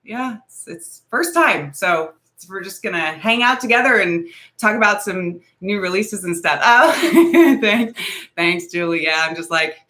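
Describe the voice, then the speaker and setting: A woman hosting her first livestream, bubbly, excitable and chatty as she greets viewers. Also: medium pitch, unhurried. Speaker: livestream host. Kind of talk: casual livestream chat.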